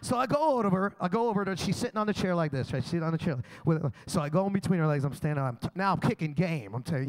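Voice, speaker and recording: A man's voice: a little high, lively intonation, rapid-fire, hardly any pauses. A young man doing a crude, boastful stand-up set in a comedy club. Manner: brash, crude, boastful storytelling.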